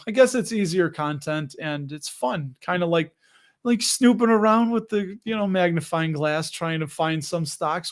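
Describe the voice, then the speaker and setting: An American man hosting a live investing stream, chatting loosely and reading viewer comments aloud. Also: fairly high pitch. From United States. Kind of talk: casual live-stream chat.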